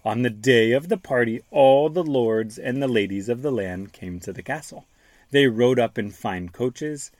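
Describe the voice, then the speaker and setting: A man hosting a show where he reads a storybook aloud to his young son and stops to explain words gently. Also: mid-range voice, measured pace, no room sound. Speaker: father reading to his child, podcast host.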